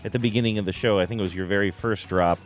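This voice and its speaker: A man co-hosting a talk show, chatting casually in a playful, animated way and laughing often. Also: on the low side, racing, faint music behind. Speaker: co-host. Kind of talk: casual chat.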